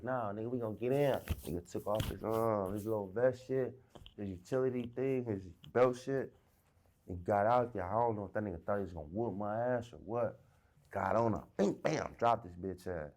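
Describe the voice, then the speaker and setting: Low-voiced Los man telling a story. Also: moderate pace, darkish tone. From South Central Los Angeles. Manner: swaggering, profane, acts out both sides of arguments. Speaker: interviewee. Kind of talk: recounting a street story.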